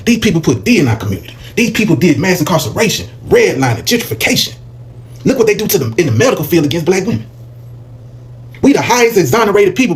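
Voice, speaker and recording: A man hosting a reaction channel, giving heated, preachy commentary. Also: high-pitched. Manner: preachy, animated, mocking put-on quotes.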